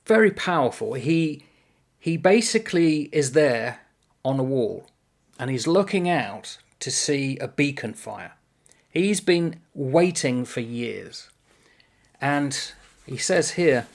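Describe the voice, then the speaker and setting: A man's voice: mid-range voice, lively intonation, a little slow, gravelly. A man casually explaining a classic play for a book review video, thoughtful and meandering, often correcting himself as he goes.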